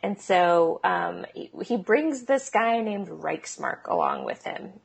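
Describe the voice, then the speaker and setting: A woman's voice: lowish voice, wildly swooping pitch, slow pace, vocal fry, breathy edge. A woman co-hosting a podcast, explaining in a casual, chatty way with frequent ums and small laughs. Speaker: podcast co-host. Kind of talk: casual chat.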